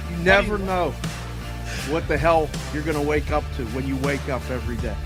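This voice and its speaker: A man co-hosting a sports betting show in casual chat, excitable with loud bursts of enthusiasm. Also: on the high side, brisk, over music.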